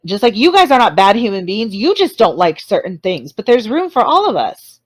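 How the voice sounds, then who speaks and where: A woman's voice: mid-range voice, big pitch swings, moderate pace, no room sound. A woman hosting a casual livestream chat, rambling and laughing often between apologetic asides. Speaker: livestream host.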